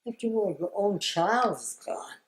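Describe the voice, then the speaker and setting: An older woman, a grandmother, recalling family memories in an interview, speaking haltingly and often dropping to a hushed whisper. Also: mid-range voice, lively intonation, roomy sound, low-quality recording. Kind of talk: oral history interview.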